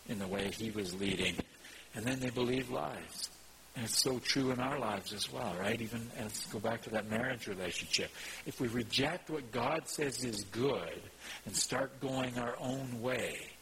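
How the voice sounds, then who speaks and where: A man preaching a sermon as pastor, teaching in an earnest, measured way and reading scripture aloud. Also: medium pitch, bright, forceful tone, a little hiss or hum, rough recording.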